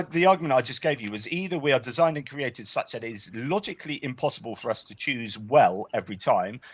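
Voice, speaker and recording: A man's voice: medium pitch, slightly rough. A man speaking as a guest in a casual discussion, arguing animatedly and often checking in with "right?". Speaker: guest author.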